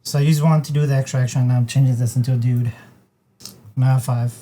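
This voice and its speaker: A man's voice: mid-range voice, fairly even intonation, fast talker, warm tone, slight background noise. A man playing a board game with friends, talking himself through his turn and counting pieces and money aloud. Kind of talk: casual tabletop game play.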